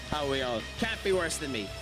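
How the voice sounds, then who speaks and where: A chatty man streaming a game, his voice sitting fairly high for a man. He laughs often and pokes fun at himself. Game music plays clearly beneath him. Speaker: game streamer reading chat. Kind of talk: casual live-stream chat.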